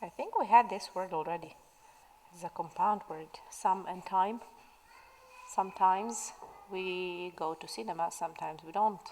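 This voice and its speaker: A woman's voice: on the low side, measured pace, a little mellow, in a large hall, a little hiss or hum, rough recording. A woman teacher recording a spelling lesson for pupils at home, dictating words patiently from her classroom. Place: classroom at school.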